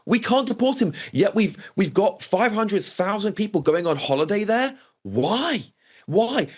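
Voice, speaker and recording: A man's voice: high-pitched, expressive, a little slow, slightly rough. A man giving emphatic, exasperated commentary on a talk show, often repeating words. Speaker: commentator guest. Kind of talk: opinionated news commentary.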